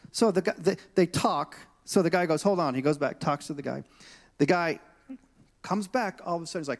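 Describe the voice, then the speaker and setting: A man preaches as senior pastor, telling a personal story with animated, acted-out dialogue. His voice sits a little higher than most men's. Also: a little fast. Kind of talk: storytelling sermon. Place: church stage.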